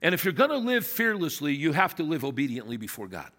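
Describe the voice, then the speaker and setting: A man's voice: on the high side, sing-song, quick pace, fairly bright tone. A man preaching a sermon as pastor, emphatic and questioning his congregation. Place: church sanctuary. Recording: long reverb of a church hall.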